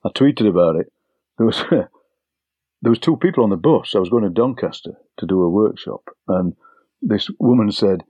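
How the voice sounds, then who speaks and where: An older man, a poet, telling anecdotes in a relaxed interview and acting out overheard phrases. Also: lowish voice, normal speed, slightly rough, no room sound. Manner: chatty, anecdotal, acts out overheard lines. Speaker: poet and broadcaster, interview guest. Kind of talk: relaxed storytelling conversation.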